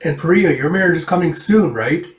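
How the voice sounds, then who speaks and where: A bright, unfazed young bride, eager and curious, as a man reads her lines aloud. Slightly raised pitch, with an echoey room around the voice. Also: expressive, a little fast, far from the mic, natural voice. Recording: roomy echo.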